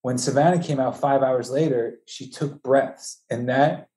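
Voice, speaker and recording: A man telling the story of losing his newborn twins, speaking haltingly with many restarts, his voice climbing high and strained with grief. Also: dark tone, reverberant. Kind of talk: emotional personal testimony.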